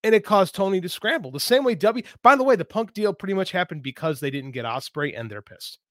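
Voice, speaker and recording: A man's voice: sits high, lively intonation, fast talker, dry recording, studio quality. A man co-hosting a podcast, giving emphatic, ranting opinions in casual talk. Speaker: podcast co-host.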